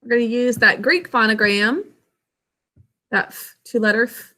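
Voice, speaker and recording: A woman's voice: fairly high pitch, normal speed, bright, forceful tone. A woman teaching a spelling and phonics lesson, sounding out words carefully and praising her pupils often.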